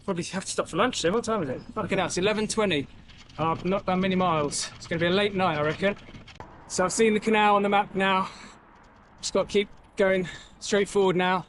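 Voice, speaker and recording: A man cycles along talking into his camera, casual and chatty, with a slightly higher than usual voice. He sounds a little out of breath at times. Faint outdoor noise sits behind him. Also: steady tone, fast talker, fairly bright tone. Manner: chatty, talks to himself and the camera, swears casually. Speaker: cycling vlogger. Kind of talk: casual vlog narration while cycling. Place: outdoors on a bike route. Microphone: camera mic.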